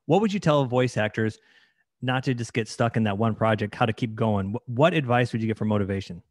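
A man's voice: medium pitch, fairly quick, no echo, clean studio sound. A man hosting an interview with a fellow voice actor, asking questions and affirming the guest with encouraging remarks. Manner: affirming, encouraging, many backchannels. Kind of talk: casual interview chat.

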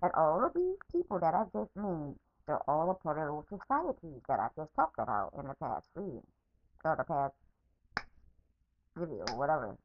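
A woman's voice: low-pitched, very animated, moderate pace, dull audio, slight background noise. A woman podcaster in an angry, unscripted rant, swearing heavily and repeating herself, recorded as a phone voice message. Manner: profane, repetitive, heated.

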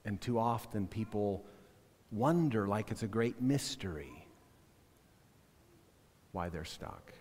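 A man preaching a sermon as pastor, earnest and halting, often repeating and restarting words. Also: on the low side, animated, a little mellow, breathy edge, long reverb tail.

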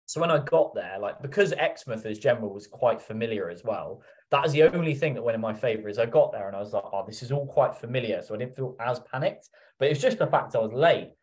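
A man's voice: mid-range voice, expressive, fast talker, darkish tone. A man telling stories as a podcast guest in casual interview chat, swearing heavily and acting out his own past remarks.

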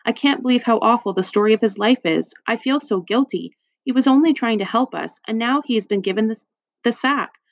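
A woman's voice: a little high, a little fast, dry recording, lightly acted. Eager, bossy young girl, as a woman reader puts her on. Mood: insistent. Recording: dry, slightly dull.

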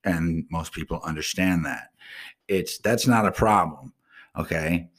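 Deep-voiced man in a profane rant. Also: fairly bright tone. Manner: swears constantly, blunt and ranting; casual slang, drawn-out asides. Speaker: live stream show host.

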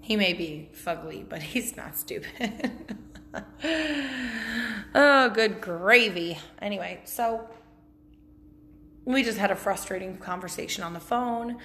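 A woman's voice: mid-range voice, unhurried, long pauses. A woman with a mid-range voice talks casually through a podcast story, blunt and profane. She keeps a chatty, candid rhythm and laughs often. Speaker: podcast host.

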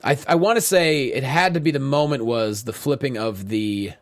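A relaxed, chatty man talks over a wrestling after-show as co-host. His voice sits at an ordinary middle pitch. He often trails off and starts again mid-sentence. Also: moderate pace. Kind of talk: casual chat.

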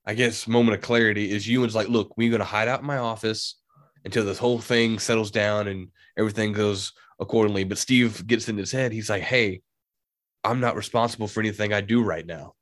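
Low-voiced man recapping a film. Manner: animated retelling with quick acted quotes. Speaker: movie discussion co-host. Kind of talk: casual chat.

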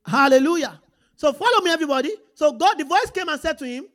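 Speaking a little fast, a high-pitched woman preacher delivers a lively sermon, reading from scripture and breaking off to check that her listeners are keeping up.

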